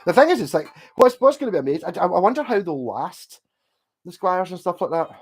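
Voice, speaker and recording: A Scottish livestream host with a high-sitting, slightly rough voice talks a little fast, his pitch swinging widely and his voice slightly raised. He chats loosely and casually, answering viewers as he goes, rambling, swearing freely and often restarting sentences.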